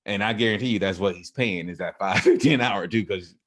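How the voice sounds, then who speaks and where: A man's voice: lowish voice, brisk, a bit bright. A man with a Southern US accent co-hosting a podcast in casual chat, rambling with frequent restarts and easy laughter. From American South. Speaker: podcast co-host.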